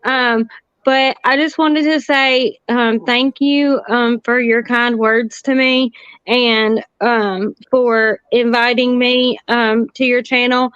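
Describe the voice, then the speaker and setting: A woman's voice: on the high side, level tone, takes it slowly, fairly bright tone, smooth, no echo. Shy, hesitant woman on a lo-fi stream. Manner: shy, hesitant, many ums. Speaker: guest on a livestream. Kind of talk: casual livestream talk. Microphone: computer or phone on a video stream. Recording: dull lo-fi stream audio.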